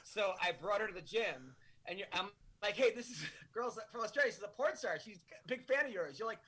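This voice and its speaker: A man chatting as a guest comedian, talking in a halting way with repeated words and quoting people. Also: high-pitched, very animated, fairly bright tone, slightly rough. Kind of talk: casual chat.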